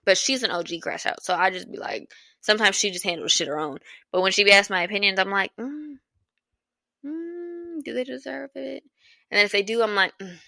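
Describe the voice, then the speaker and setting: Solo podcast host, woman in her twenties, bright and blunt, dry close sound. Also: medium pitch, no echo. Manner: blunt, profane, rambling with bursts of laughter. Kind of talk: casual solo podcast monologue.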